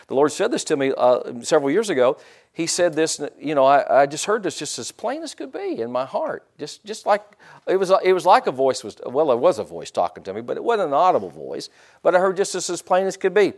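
A man's voice: fairly high pitch, big pitch swings, fairly quick. A middle-aged man preaching a sermon in a church, folksy and joking, with frequent amens and hallelujahs. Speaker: pastor.

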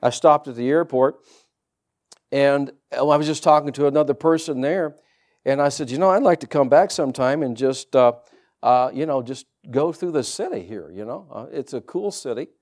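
A male pastor preaching a sermon, reading scripture aloud and rising into loud, fervent preaching. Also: medium pitch, moderate pace.

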